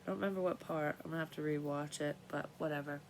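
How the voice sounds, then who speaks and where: A woman's voice: deep voice, fairly even intonation, fast, a little hiss or hum, low-quality recording. A woman who is losing her voice, casually rambling in a vlog as a tarot reader, often cutting herself off. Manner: rambling, profane, self-interrupting. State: losing her voice, clearing throat and coughing.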